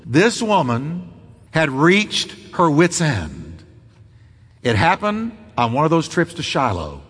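A male pastor preaching with a high, lively voice and a bright, forceful edge. He drives his points home through dramatic repetition. A long hall echo carries his words. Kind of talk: sermon.

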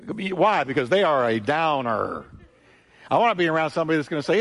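A male pastor preaching a sermon with emphatic, repetitive delivery, swinging between loud peaks and quieter asides. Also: a little high, sing-song, brisk. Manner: emphatic preaching, repeating phrases with rising and falling intensity. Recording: long church hall reverb.

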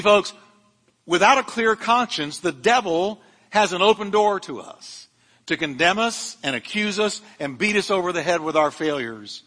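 A man's voice: sits high, a bit bright, big-room sound. A male pastor preaching a sermon, fervent and emphatic, with humorous asides to his congregation. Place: church sanctuary.

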